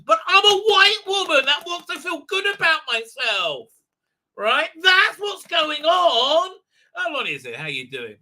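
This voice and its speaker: A man's voice: sits high, pushed and bright. A man hosting a live commentary stream, rambling and sarcastic, with many fillers and mocking voices when he quotes people. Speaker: show host.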